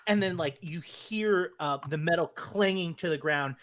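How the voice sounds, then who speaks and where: A woman running a tabletop game as game master, narrating with halting pauses and fillers. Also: on the low side, a bit bright.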